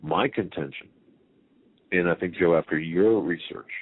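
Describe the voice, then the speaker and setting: Very deep-voiced male talk radio host. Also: moderate pace, breathy edge, no echo. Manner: emphatic, rambling with restarts and rhetorical questions. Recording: tinny phone-line sound with faint hiss.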